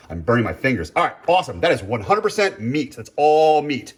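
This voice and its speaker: A man's voice: a little high, very animated, a little fast, few pauses. A man casually chatting as he cooks at home, rambling, interrupting himself and filling gaps with ums and uhs. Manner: rambling, self-interrupting, chatty with frequent fillers. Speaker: home cooking vlogger. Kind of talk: casual cooking commentary.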